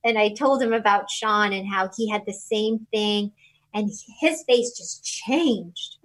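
A woman guest in an interview, recounting a personal memory with feeling. She talks in halting runs, full of fillers, restarts and trailing phrases. Her pitch sits in a middle range. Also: rough recording.

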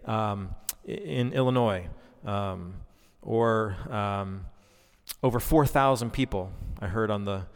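A man's voice: lowish voice, slow pace, clean tone. A man in his thirties preaching a sermon, earnest and conversational, with frequent fillers and restarts. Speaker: pastor. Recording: long reverb, hall-like.

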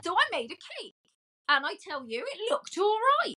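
A middle-aged woman, a podcast guest chatting in a loud, self-mocking way. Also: extremely high pitch, sing-song, normal speed, a crowd in the background. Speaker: guest, cake decorator. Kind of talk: casual chat.

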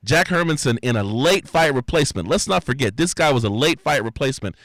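A man's voice: medium pitch, expressive, fast, a bit bright, dry recording, studio quality. A man with a cold co-hosting a podcast, reading fight results in jokey casual sports chat. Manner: jokey, throws in silly impressions. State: has a cold. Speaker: podcast co-host.

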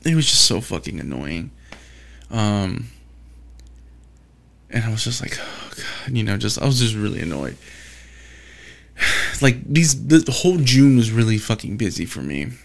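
A man's voice: fairly low pitch, very animated, moderate pace, creaky, long pauses. A man talking alone in a casual, rambling monologue, swearing often and restarting his sentences as he rants. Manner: profane, exasperated ranting with frequent restarts.

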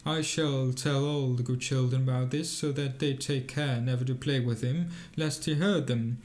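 A man voicing a kindly, gentle old male poet in a storybook reading, speaking tenderly and coaxingly. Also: medium pitch, steady tone, moderate pace, close to an everyday voice. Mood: lamenting.

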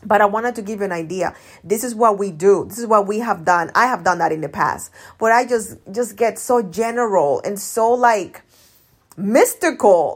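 This is a woman hosting her own podcast as a coach, talking loosely and casually to her listeners. She is emphatic and animated, and she repeats her key lines for effect. Her pitch sits mid-range for a woman. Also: normal speed. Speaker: business coach. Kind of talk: casual solo podcast talk.

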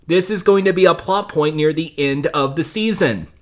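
A man in his late twenties recaps TV episodes casually, rambling and sarcastic with the occasional curse word. His voice is a little high and his pace moderate.

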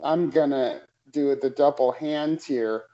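A man telling a story in casual chat, earnest and a little halting. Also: medium pitch, dark tone, dull audio.

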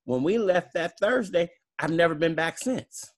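A man's voice: fairly high pitch, lively intonation, unhurried. A man co-hosting a casual podcast, telling stories in a laid-back, chatty way and reacting playfully. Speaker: podcast co-host.

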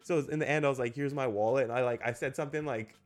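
A man's voice: mid-range voice, quick pace. A young man from Los Angeles chatting casually, telling rambling, profane stories full of "like". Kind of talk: casual chat.

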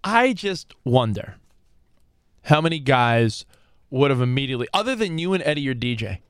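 A man hosting a casual chat show, telling a story in a rambling, halting way. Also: mid-range voice, sing-song, clean tone, no room sound, studio quality. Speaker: podcast host.

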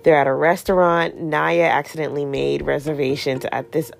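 A woman with a lowish voice and a gravelly edge to her words. She recaps a TV show as a podcast host, sassy and full of slang. It sounds like easygoing studio chat. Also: normal speed, soft background music. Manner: sassy, slangy, animated storytelling.

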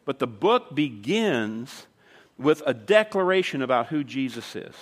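A man's voice: medium pitch, very animated, a little slow. A man preaching a sermon as pastor, telling a story in a conversational way with dramatic emphasis. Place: church sanctuary. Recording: long reverb of a large hall.

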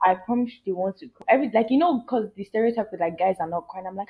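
A woman's voice: a little high, big pitch swings, racing, hardly any pauses. A woman guest in a casual podcast chat, talking emphatically and laughing often. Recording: tinny phone-like sound.

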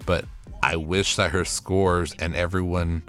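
A man with a very deep, low voice rants through a solo podcast recap, sassy, profane and fed up. Faint music plays quietly behind him. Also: fairly even intonation, measured pace. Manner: profane, sassy, exasperated ranting. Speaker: podcast host recapping a TV show. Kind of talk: casual solo recap rant.

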